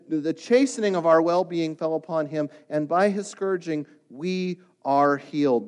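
Male pastor, sermon delivery, rises and falls a lot, somewhat high pitch, stacks rhetorical questions. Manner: animated preaching with rhetorical questions and repetitions.

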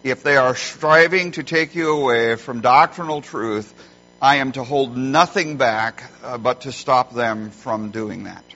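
A middle-aged man preaching a sermon as a pastor, emphatic and animated when telling stories. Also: mid-range voice, a little slow. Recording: dull lo-fi sound.

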